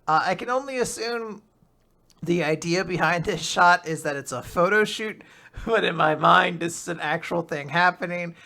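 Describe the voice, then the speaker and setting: Young man, bright tone, high voice, casual recap chat, acts out character lines. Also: creaky. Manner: animated retelling, acting out character lines in quick voices. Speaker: podcast co-host.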